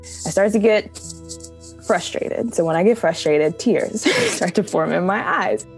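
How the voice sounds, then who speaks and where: A woman's voice: mid-range voice, sing-song, unhurried, vocal fry, faint music behind, low-quality recording. A woman photojournalist telling her own story candidly, emotional and close to tears, laughing through hard moments. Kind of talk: personal storytelling interview.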